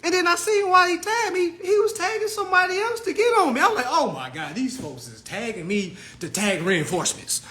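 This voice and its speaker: A man hosting his own consumer advice channel, telling a story to his viewers in a loose, excitable rant that swings from shouting to muttering, with frequent laughs. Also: very high-pitched, a little fast, slight background noise.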